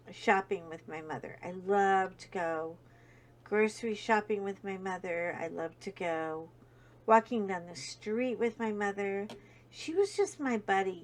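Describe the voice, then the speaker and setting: Slow-talking woman telling a heartfelt story. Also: medium pitch. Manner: rambling, heartfelt, many fillers. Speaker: host. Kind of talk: casual storytelling.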